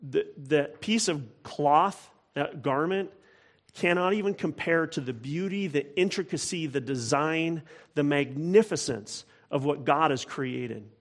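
A man's voice: on the high side, unhurried. A man preaching a sermon, earnest and emphatic, often repeating phrases for weight. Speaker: pastor.

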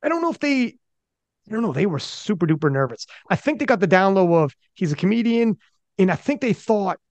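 A man hosting a podcast, talking in an animated way with stumbling restarts and swearing. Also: high-pitched, fairly quick, dry recording, lo-fi sound. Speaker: podcast host. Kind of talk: casual podcast chat.

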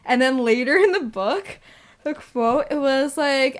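A young woman co-hosting a podcast, gushing as she talks in long run-on bursts loaded with fillers. Her voice sits a little high. It is casual chat between friends. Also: animated, measured pace. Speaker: podcast co-host.

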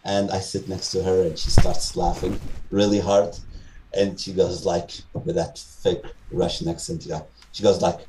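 Deep-voiced Portuguese man, chatty. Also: level tone, a little slow, darkish tone, recorded from a distance, slight background noise, low-quality recording. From Madeira, Portugal. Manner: enthusiastic, rambling with many restarts and fillers. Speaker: podcast guest, game streamer. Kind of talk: casual interview chat.

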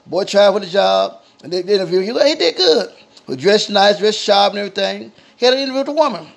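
A man improvising a simple spoken story in a halting, repetitive way, often restarting his sentences. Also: sits high, expressive, gravelly.

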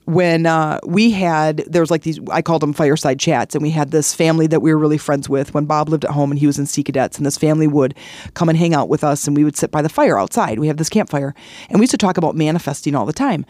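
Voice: medium pitch, fast talker, a little mellow, no echo, clean studio sound. A middle-aged podcast host giving a casual motivational talk, earnest and chatty, telling personal stories with lots of repeats and restarts.

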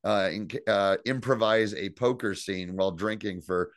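A man co-hosting a podcast, recapping an episode in casual, profane, animated chat. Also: fairly low pitch, normal speed, dry recording, studio quality. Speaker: podcast co-host.

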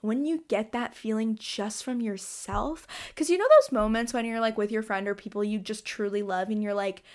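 A bubbly young woman in her twenties chats through a solo podcast from her bedroom, her voice sitting a bit high. She rambles with plenty of fillers and bursts into giggles, easing into a softer, slower tone at times. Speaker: podcast host. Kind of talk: casual solo podcast chat.

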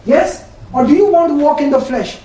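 A man's voice: very high-pitched, normal speed, warm tone. A man preaching a sermon, emphatic and full of repeated questions to his listeners. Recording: very echoey room, distant mic, faint ambience.

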